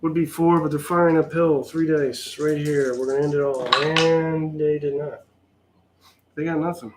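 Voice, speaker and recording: A man's voice: fairly high pitch, fairly even intonation, normal speed, noisy background. A man giving a wry, sarcastic play-by-play of his own solo tabletop wargame, sounding mildly exasperated. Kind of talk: casual play-by-play of a tabletop game.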